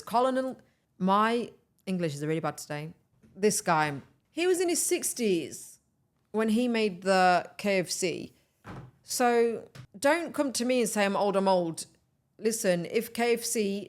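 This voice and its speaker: A young woman hosting a podcast, chatting in an animated, enthusiastic way and urging her listeners on. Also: on the low side. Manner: animated, enthusiastic, talks straight to listeners as "guys". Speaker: podcast host. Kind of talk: casual motivational chat.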